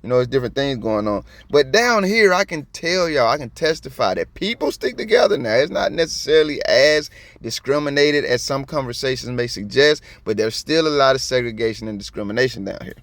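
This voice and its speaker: A man from Georgia with a Southern accent, giving slangy, preachy video commentary that swings from soft to loud. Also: medium pitch, expressive, brisk, no room sound. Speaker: copwatch commentator.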